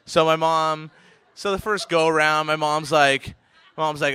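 A man from Oregon telling a comic personal anecdote, animated and chuckling, with frequent fillers and restarts. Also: fairly high pitch, normal speed, smooth. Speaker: storyteller, professional poker player.

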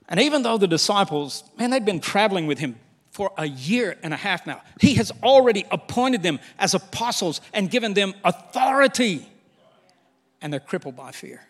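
An older man preaching a sermon as pastor, candid and animated, with humor and acted-out quotes. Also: high-pitched, moderate pace. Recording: long hall reverb.

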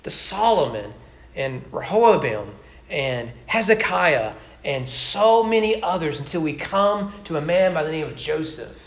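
A man pastor preaching a sermon with rhythmic, emphatic delivery and dramatic pauses. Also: a little high, lively intonation. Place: church sanctuary. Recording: roomy church sanctuary.

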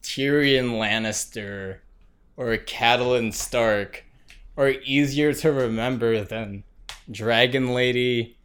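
Man, mid pitch, dry and laid-back, casual podcast chat. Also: slow, a bit bright, clear, resonant tone. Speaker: podcast host.

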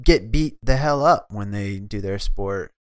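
A man's voice: fairly low pitch, unhurried, no room sound, clean studio sound. A man co-hosting a casual podcast, talking bluntly with slang. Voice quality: blunt, slangy, says bro and baby. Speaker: podcast co-host. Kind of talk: casual chat.

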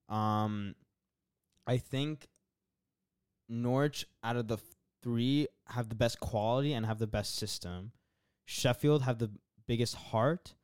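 A man chats at length about football opinions in a relaxed, rambling way, full of fillers and restarts. His voice is smooth and clear. It is recorded close with a dry, dead sound. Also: medium pitch, dry recording. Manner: chatty, rambling, lots of fillers and laughs. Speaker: podcast co-host. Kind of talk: casual football chat.

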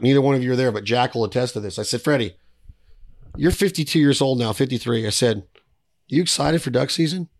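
A man hosting a podcast, rambling through a hunting story with quick restarts. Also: mid-range voice. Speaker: podcast host. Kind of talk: casual podcast chat.

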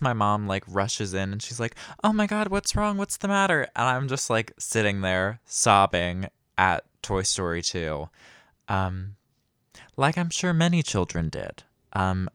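A man's voice: on the low side, gravelly, a bit bright, smooth, no echo, studio quality. A young man hosting a casual solo podcast, rambling and self-deprecating with lots of fillers. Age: young adult. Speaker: podcast host.

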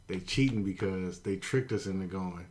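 A man's voice: sits low, normal speed, darkish tone. A man co-hosting a casual podcast, laid-back and slangy, arguing his point with emphasis. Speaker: podcast co-host. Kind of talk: casual chat.

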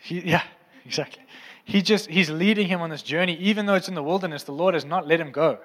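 A man's voice: fairly high pitch, quick pace, fairly bright tone, long reverb tail. A male preacher giving a conversational sermon who keeps checking in with the congregation. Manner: conversational, asks the crowd often. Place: church hall.

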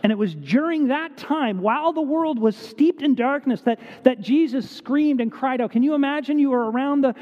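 High-voiced male preacher in an echoey hall. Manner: vivid storytelling with repeated words for emphasis. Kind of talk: sermon. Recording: dull echoey hall recording.

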